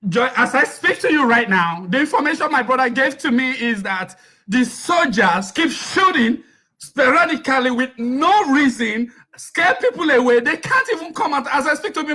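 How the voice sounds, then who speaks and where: A man calling in to a live show, close to tears and agitated, pleading hard and raising his voice. His voice sits high and swoops widely. It sounds bright and tense. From Nigeria. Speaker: caller. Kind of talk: emotional call-in to a live talk show.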